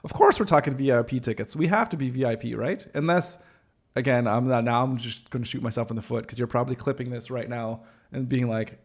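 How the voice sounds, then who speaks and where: A man's voice: medium pitch, fast. A man hosting a livestream, chatting casually with viewers in a rambling, joking way full of fillers and restarts. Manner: joking, self-deprecating. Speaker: livestream host.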